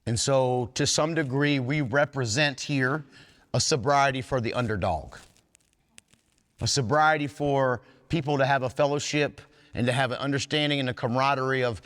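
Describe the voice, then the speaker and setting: A man's voice: medium pitch, normal speed, a bit bright. A man giving an earnest, plain-spoken talk at a recovery workshop, folksy and blunt with some cursing. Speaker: workshop speaker in recovery fellowship. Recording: long hall reverb.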